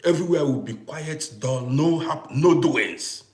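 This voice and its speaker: A young man talking forcefully to viewers in a casual livestream and thanking them for gifts. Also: on the high side, a little slow, roomy sound. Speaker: live stream host.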